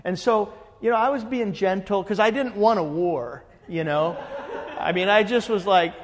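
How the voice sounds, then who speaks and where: A man, a pastor, telling a story in a lively way and acting out the dialogue. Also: high-pitched, normal speed, in a large hall. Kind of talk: animated storytelling.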